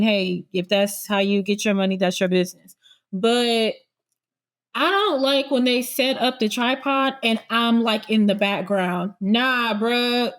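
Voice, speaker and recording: A woman co-hosts a relaxed podcast. She chimes in quickly and laughs often while chatting casually. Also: a little high. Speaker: podcast co-host. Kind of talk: casual chat.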